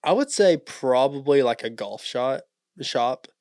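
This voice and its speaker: Casual young man with a smooth voice. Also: mid-range voice, unhurried, no echo, studio quality. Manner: relaxed, rambling storyteller with many fillers. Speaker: podcast co-host. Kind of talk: casual chat.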